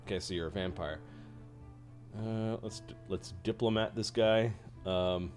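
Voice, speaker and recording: A man's voice: lowish voice, steady tone, unhurried, darkish tone, faint music behind. A man playing a video game and adding casual, wry remarks. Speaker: game player. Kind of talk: let's play commentary.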